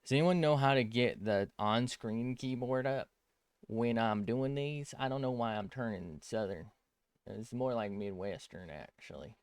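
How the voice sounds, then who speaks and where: A man's voice: mid-range voice, normal speed, clear, resonant tone, dry recording. A man chatting casually as an art streamer while drawing on a tablet, rambling, cutting himself off mid-sentence and swearing freely.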